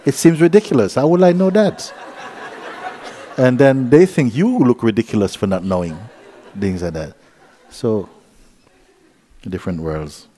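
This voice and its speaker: A middle-aged man, a spiritual teacher, giving a gentle, chuckling storytelling talk to a retreat group, often asking "you see?". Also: medium pitch, unhurried, pauses often. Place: retreat meeting room.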